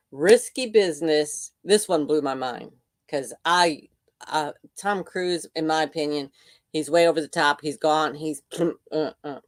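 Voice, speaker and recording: Older lady hosting a stream, low voice, takes her time, chatty with viewers. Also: dry recording, studio quality. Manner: chatty, reacting to viewer comments. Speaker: livestream host. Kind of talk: casual chat.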